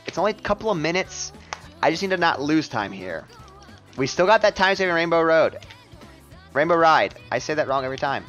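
Lively, high-voiced excitable streamer guy. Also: muffled recording. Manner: excitable, jokey, self-mocking, talks to chat. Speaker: speedrun streamer. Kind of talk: live gameplay commentary to chat.

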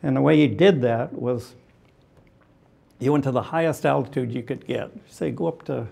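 An older man with a deeply gravelly, crackly voice at a middling pitch tells war stories on stage. He speaks haltingly, full of "uh"s, and chuckles between anecdotes. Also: warm tone. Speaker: retired fighter pilot guest. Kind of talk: onstage interview storytelling.

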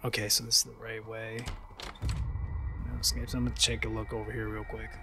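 A man giving casual commentary on a horror game playthrough. He curses a lot and jokes, and at times he taunts the game's monster in a loud, high voice. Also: completely flat delivery, fairly quick, vocal fry. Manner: profane, taunting, joking. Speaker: gaming YouTuber. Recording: game music behind the voice.

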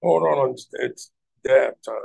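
A man's voice: medium pitch, steady tone, unhurried, gravelly, darkish tone. A man hosting a livestream, ranting heatedly at people in his chat and swearing heavily. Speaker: livestream host.

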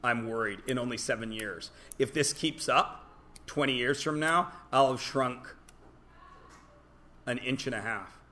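A man's voice: medium pitch, a little slow, sharp tone. A male teacher giving a joking, self-deprecating classroom lecture to his students.

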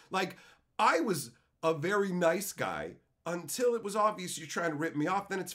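Opening card packs on a stream, a man casually tells heated, profane stories. His high-pitched voice moves at a moderate pace, animated, and he puts on voices when quoting people.

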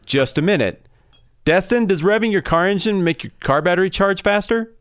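A jovial middle-aged tavern barkeep, as a man puts him on greets patrons with hearty, old-fashioned courtesy. The voice sits somewhat above his usual pitch and bounces lively. It is recorded close and dry. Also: normal speed, smooth, dry recording.

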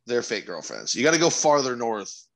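A man's voice: medium pitch, big pitch swings, moderate pace, vocal fry, fairly bright tone, rough recording. A man co-hosting a podcast, joking and rambling with casual swearing. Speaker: podcast co-host.

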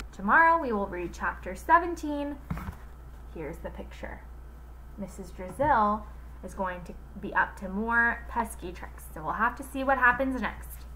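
A woman reading a children's book aloud in an expressive, unhurried way. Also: medium pitch, background noise.

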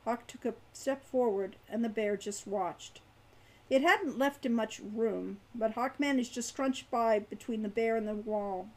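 A woman reading her own fantasy novel aloud in a measured, expressive way. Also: on the high side, rough recording.

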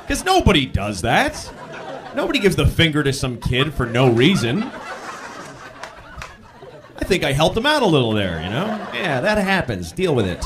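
A man performing a stand-up comedy routine, telling exasperated stories and bursting into shouted acted-out lines. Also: a little high, background noise. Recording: live club with laughing crowd.

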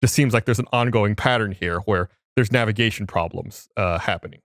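A man's voice: lowish voice, a little fast, fairly bright tone, no room sound, clean studio sound. A man co-hosting a podcast, explaining things step by step in casual chat. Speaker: podcast co-host.

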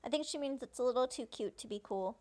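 A woman hosting a let's play, relaying translated game dialogue with unhurried, relaxed explanations. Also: sits high. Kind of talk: live translated game commentary.

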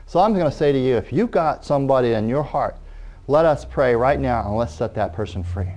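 A middle-aged man preaching a sermon, animated, acting out the people in his stories. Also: a little fast. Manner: animated, acting out quoted people in raised pitch.

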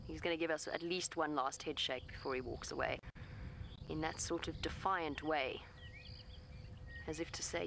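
A woman's voice: low voice, fairly even intonation, normal speed, gravelly, long pauses, noisy background. A woman safari guide talking outdoors from her vehicle, coaxing an elephant in a soothing, pleading voice and explaining its behavior to viewers. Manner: explains animal behavior matter-of-factly. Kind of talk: live commentary to camera.

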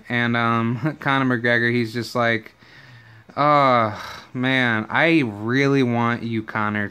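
A young man giving excitable, profane, rambling vlog commentary full of fillers. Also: mid-range voice, smooth. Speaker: YouTuber.

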